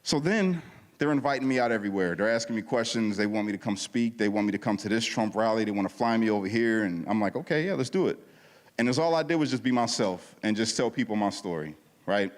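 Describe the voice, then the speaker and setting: A lively man with a low voice, giving a testimony in a reverberant church hall. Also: fast talker. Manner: animated storytelling, acting out quoted dialogue; casual, slangy. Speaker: guest speaker at a church service. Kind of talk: testimony talk.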